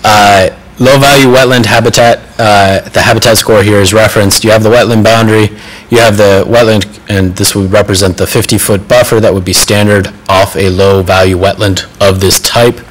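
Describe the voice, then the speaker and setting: A man's voice: on the low side, fairly even intonation, normal speed, poor audio. A man on city staff presenting a planning amendment to a council, methodical and self-deprecating about errors on his slides.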